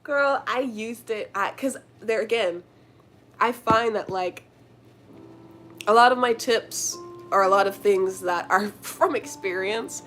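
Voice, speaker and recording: A woman's voice: mid-range voice, takes it slowly, pauses often, over music. A young woman chatting casually to her viewers, telling a story with lots of slang, fillers and giggles. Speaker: vlogger answering viewer questions.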